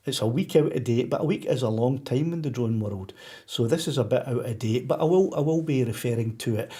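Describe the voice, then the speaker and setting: Mellow-voiced Scottish man chatting on a live stream. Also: mid-range voice. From Scotland. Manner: chatty and rambling, with frequent restarts and soft laughs. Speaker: YouTube drone channel host. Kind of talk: casual live-stream chat.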